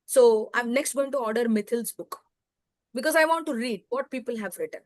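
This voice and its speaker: Earnest woman giving measured advice. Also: a little high, dry recording. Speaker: podcast guest. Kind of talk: reflective interview answers.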